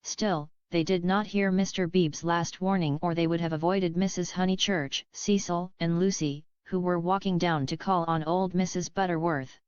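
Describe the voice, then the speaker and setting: Low, smooth-voiced woman reading a novel. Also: steady tone, normal speed, few pauses, darkish tone, no room sound, muffled recording. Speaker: audiobook reader. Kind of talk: scripted narration.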